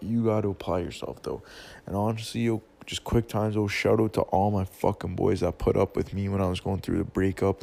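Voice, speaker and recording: Gravelly young man ranting with slang. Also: sits low, mellow. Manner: profane, slangy, rambling. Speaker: storyteller. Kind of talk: casual rant.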